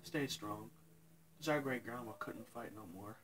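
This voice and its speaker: A man's voice: medium pitch, a bit bright, slight background noise, rough recording. Tearful young man sharing a loss. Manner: halting, tearful, pauses and restarts. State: crying. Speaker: vlogger. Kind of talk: emotional personal story to camera.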